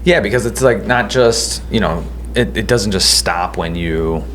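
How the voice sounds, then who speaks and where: A man with a very low voice co-hosts a relaxed kitchen-table podcast. He tells stories in a loose, rambling way, full of fillers and restarts, with a faint hum of room noise behind him. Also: a little slow. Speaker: podcast co-host. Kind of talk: casual storytelling chat.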